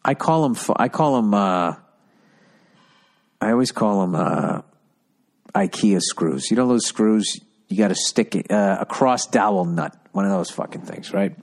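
A man's voice: fairly low pitch, lively intonation, unhurried. A man hosting a solo podcast, telling stories in a profane, rambling and exasperated way. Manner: storytelling with voiced asides. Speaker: podcast host.

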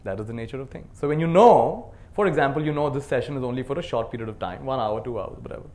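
A man giving a dharma talk to a live group as a meditation teacher, earnest, swinging between soft and emphatic, and leading call-and-response. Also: medium pitch, lively intonation, fast talker. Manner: leads the audience in call-and-response.

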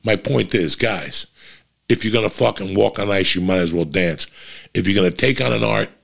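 Ranting on his own podcast, a middle-aged comedian gives a blunt, profanity-laced motivational monologue. He talks at normal speed in a gravelly, lowish voice.

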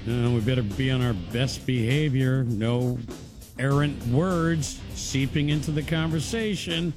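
A man's voice: mid-range voice, steady tone, measured pace, over music. A man co-hosting a morning radio show in casual banter with wry humor.

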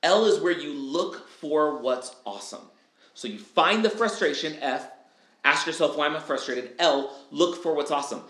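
A man talking on a podcast, lively and casual, who acts out little quoted lines in other voices. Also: a little high, moderate pace, echoey room. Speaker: guest speaker. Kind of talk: energetic podcast interview.

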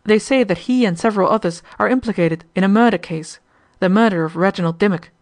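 A woman voicing a shrewd, calm male millionaire hotel owner, speaking in a quiet, deliberate way. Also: mid-range voice, lightly acted. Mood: cool.

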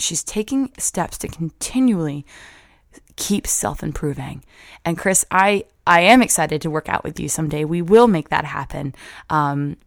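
A woman in her thirties hosting a motivational podcast, warmly earnest and upbeat. Her voice sits a little low, and she doubles words when she gets excited. The sound is dry and close. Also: dry recording. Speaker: podcast host.

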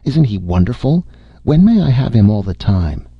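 Guy doing a polite eager sick kid, higher voice, dry muffled audiobook recording. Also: sing-song, normal speed, slightly rough, dry recording, full character voice. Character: sickly young boy, eager and polite.

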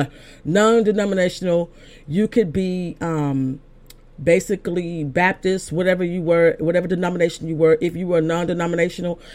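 A woman's voice: fairly low pitch, darkish tone. An older woman preaches as an apostle, telling her own story in a loose, conversational way. She trips and restarts often, then rises into firm, emphatic declarations. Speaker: apostle and pastor. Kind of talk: sermon told as personal testimony.

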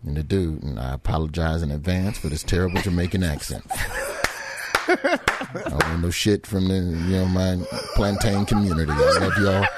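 A man in his forties, a guest comedian, telling a story on a podcast in an animated, profane way. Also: low-pitched, normal speed, noisy background.

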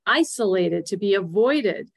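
A woman guest on a podcast interview, explaining grief support in an earnest, gently instructive way. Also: mid-range voice, lively intonation, measured pace, gravelly. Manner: earnest, gently instructive, repeats key phrases. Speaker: grief guide.

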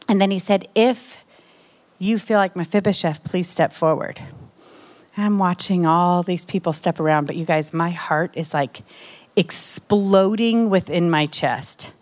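A young adult woman giving an emotional, animated testimony sermon to a women's church gathering, with many asides to the crowd. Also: lowish voice, unhurried.

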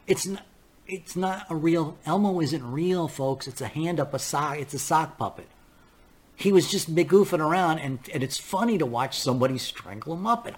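A man's voice: a little high, a bit bright, slightly rough. Blunt, ranting older male podcast host. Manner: blunt, ranting, profane, laughs at his own stories. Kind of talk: political commentary monologue.

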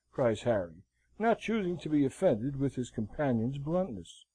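A man reading a classic novel aloud as an audiobook narrator, in a measured, expressive way. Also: medium pitch, husky, rough recording. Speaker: audiobook reader.

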